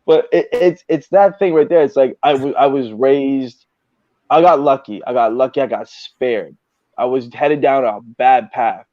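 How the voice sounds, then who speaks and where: A man chatting casually as a podcast host, telling animated stories full of swearing. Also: mid-range voice, a little slow, no echo, highs cut off. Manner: profane, animated storyteller. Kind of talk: casual storytelling chat.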